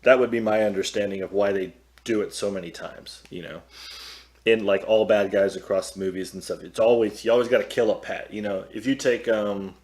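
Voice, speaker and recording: A man's voice: fairly low pitch, steady tone, a little fast, a little mellow. A man co-hosting a casual movie discussion, laid-back and thinking aloud with fillers. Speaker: podcast co-host.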